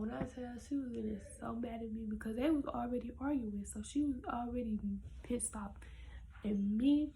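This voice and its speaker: A woman's voice: fairly high pitch, gravelly, slight background noise, poor audio. Young woman telling a story, half-whispered. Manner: animated, often dropping to a whisper. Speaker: vlogger. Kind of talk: casual storytime.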